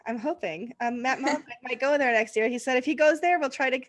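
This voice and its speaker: A woman's voice: sits high, fast, dry recording. A woman, hosting a casual interview chat and laughing often. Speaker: podcast host.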